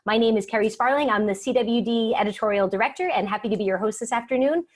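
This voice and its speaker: A woman's voice: on the high side, fast. A woman hosting a video call chat with a playful, joking manner. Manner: playful and jokey. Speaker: host.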